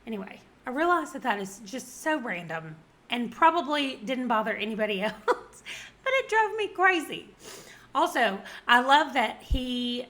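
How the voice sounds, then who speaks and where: This woman in her forties, a book vlogger with a Southern American accent from the Southern United States, talks at a normal speed in an expressive, fairly bright voice that sits on the high side. Her casual book review chat is punctuated by frequent laughter.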